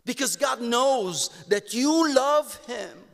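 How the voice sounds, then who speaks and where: High-voiced Romanian-accented preacher, slow and echoing. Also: male voice, expressive, gravelly. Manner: impassioned, addresses listeners as "my beloved"; swings between hushed tones and raised exclamations. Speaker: pastor. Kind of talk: sermon. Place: church sanctuary. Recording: long church hall reverb.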